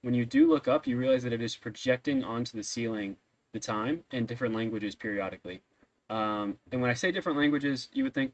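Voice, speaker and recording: A man's voice: mid-range voice, very animated, brisk, gravelly, low-quality recording. A man narrating a tabletop game as game master, talking casually with frequent ums and restarts. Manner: casual, rambling, many ums.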